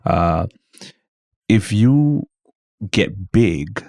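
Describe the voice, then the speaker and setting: Deep-voiced comedian, casual. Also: male voice, drawn-out words, creaky, dry recording, studio quality. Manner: animated storyteller, swears casually. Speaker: guest host, stand-up comedian. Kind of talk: casual podcast chat.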